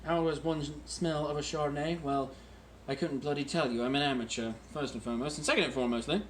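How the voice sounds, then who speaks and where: A man hosting a casual wine-tasting vlog at home in a deliberately put-on British accent, joking and rambling about himself while recording on a phone. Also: a little high, fairly even intonation, slight background noise. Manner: jokey, rambling and self-mocking.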